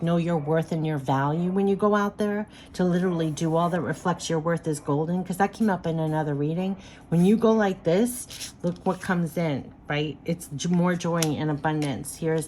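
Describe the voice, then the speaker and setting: Low-voiced woman giving a card reading. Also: a little mellow, a little hiss or hum. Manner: soothing, repetitive, affirming. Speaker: spiritual card reader.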